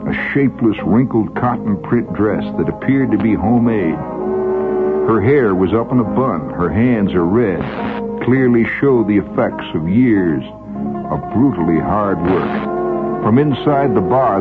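A man's voice: on the low side, animated, a little slow, over music. Wry male storyteller, phone-like sound. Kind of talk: first-person storytelling.

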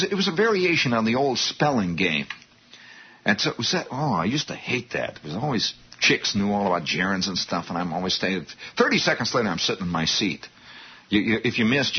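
A man's voice: on the low side, breathy edge. A man telling a rambling story, with restarts and asides to his listeners. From Indiana, US. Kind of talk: storytelling monologue. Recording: dull lo-fi recording.

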